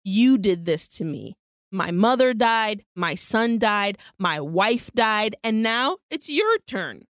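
A woman's voice: medium pitch, very animated, takes it slowly, dry recording, clean studio sound. A woman voicing a furious grieving man who threatens someone with a gun. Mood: vengeful. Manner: bitter, threatening.

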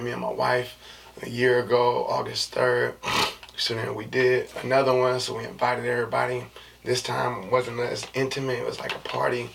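A man hosting his own podcast, talking in a loose, slangy, rambling way with lots of fillers and a soft, low-key delivery. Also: creaky. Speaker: podcast host. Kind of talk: casual solo podcast chat. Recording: distant mic with faint background noise.

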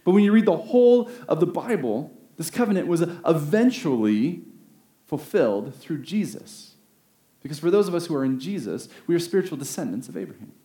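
A man preaching a sermon, earnest, rising to emphatic peaks and slowing down on key phrases. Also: on the high side, sing-song, mellow. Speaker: pastor. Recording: roomy echo.

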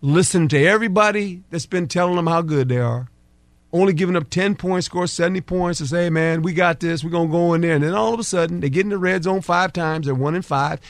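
A man's voice: on the high side, quick pace, no room sound. A man breaking down football on a sports talk show. He talks emphatically in folksy football slang and acts out players and coaches in quoted dialogue. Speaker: football analyst guest.

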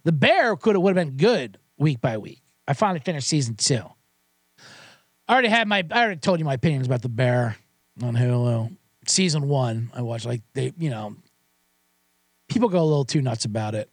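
A man's voice: medium pitch, sing-song, a little fast, dry recording, clean studio sound. A man hosting a podcast, ranting in a profane, sarcastic and rambling way with many restarts. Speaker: podcast host. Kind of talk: comedic rant.

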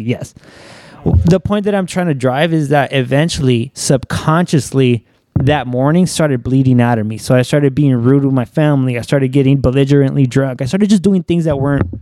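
A man's voice: medium pitch, warm tone, no echo. A young man, a podcast guest, telling a personal story in loose, profane, casual talk.

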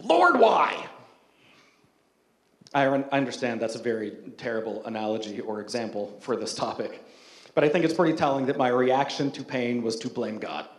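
A man's voice: medium pitch, a little fast, darkish tone, roomy sound. A man preaching a sermon as the pastor, telling a self-mocking story in a casual, humorous, conversational way.

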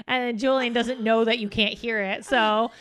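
A woman's voice: fairly high pitch, steady tone, moderate pace, fairly bright tone. A woman in her thirties, a podcast co-host chatting casually and acting out what people said. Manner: chatty, laughs often, acts out quoted voices. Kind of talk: casual chat.

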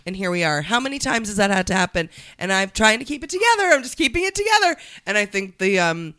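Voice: medium pitch, very animated, fast talker, pushed and bright, no echo. A speaker in casual podcast chat who rambles, swears and acts out other people's words.

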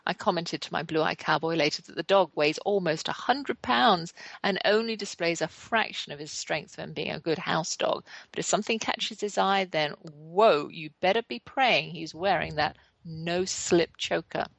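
Lady host, middle-aged, lowish gravelly voice, chatty storytelling, dry close sound. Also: moderate pace, few pauses, a bit bright, no room sound, rough recording. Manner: chatty, anecdotal, self-deprecating. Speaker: podcast host. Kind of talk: casual storytelling monologue.

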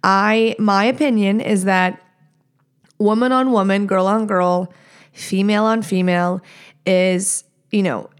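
Her voice is smooth and medium in pitch, and she keeps a measured pace. She's a woman in her thirties hosting a podcast by herself, telling stories candidly and profanely, chatting away with animated asides.

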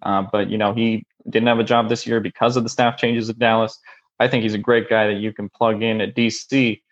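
A man's voice: fairly low pitch, level tone, a little fast, dull audio, lightly acted. A man playing an upbeat male football coach candidate, speaking casually with many fillers. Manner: casual, lots of "you know". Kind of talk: comedic mock job interview.

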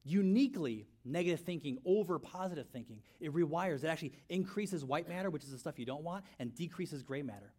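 Male pastor, energetic sermon delivery, slightly high voice, repeats key lines. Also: fairly quick, few pauses. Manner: animated, rhetorical questions, repeats phrases.

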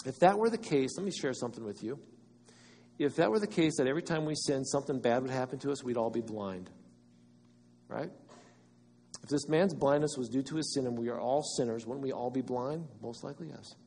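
A man preaching a sermon, swinging between loud emphatic cries and quiet, low asides. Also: brisk, in a large hall, a little hiss or hum.

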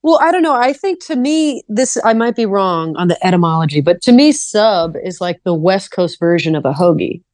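Mellow-voiced woman chatting with a Philly accent. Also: mid-range voice, animated, moderate pace, few pauses, no echo, clean studio sound. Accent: Philadelphia. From Philadelphia area. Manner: rambling, lots of "like" fillers, easy laughs. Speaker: musician guest. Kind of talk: casual podcast chat.

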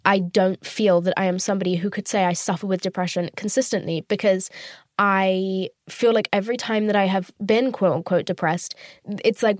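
A woman in her twenties hosts a podcast from her parked car, telling a candid, profane story in a chatty way and acting out the quoted voices. Her medium-pitched voice stays steady at a moderate pace. The recording is studio quality with no room sound.

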